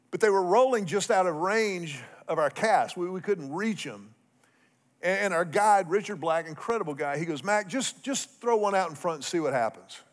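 Animated storytelling male pastor. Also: fairly high pitch. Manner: animated, humorous storyteller with swings in loudness. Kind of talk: sermon with storytelling.

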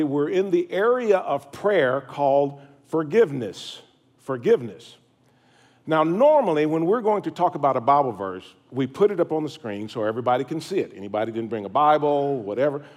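Middle-aged male pastor with a drawl; warm-humored, conversational sermon to a church crowd. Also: mid-range voice. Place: church sanctuary.

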